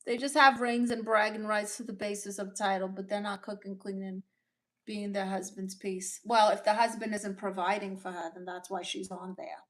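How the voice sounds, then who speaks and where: A woman's voice: medium pitch, fairly even intonation, normal speed, natural voice. A woman with a Brooklyn accent playing a brash, opinionated Latina aunt on a comedy livestream, answering chat with blunt, sassy retorts. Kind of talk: in-character livestream chat, reading viewer comments.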